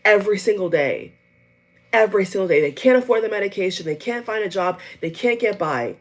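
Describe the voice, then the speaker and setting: Woman vlogger, husky tone, angry blunt rant, volume cutting in and out. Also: medium pitch, lively intonation, brisk. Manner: blunt, heated, profane, repeats phrases for emphasis. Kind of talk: angry reaction rant to camera. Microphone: headphones on. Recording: audio cutting in and out, level dropping.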